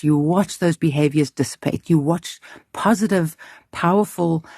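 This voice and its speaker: A woman's voice: on the low side, warm tone, slightly rough, dry recording, clean studio sound. A woman who runs a school, speaking earnestly and emphatically in an interview, thinking aloud with restarts. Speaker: school leader. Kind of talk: reflective interview talk.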